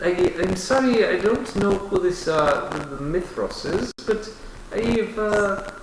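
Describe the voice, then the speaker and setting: A soft-spoken, odd dwarf woman who keeps to herself, put on by a man, stumbling through her words with constant pauses and fillers. Her voice rises and falls a lot. It rings with a heavy echo over a steady hiss of noise. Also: high-pitched, creaky, voice pushed up, exaggerated voice. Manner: hesitant, halting with many fillers.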